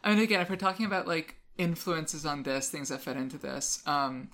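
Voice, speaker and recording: A woman's voice: sits low, fairly even intonation, a little fast, fairly bright tone. A woman co-hosting a podcast in frank, teasing casual chat. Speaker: podcast co-host.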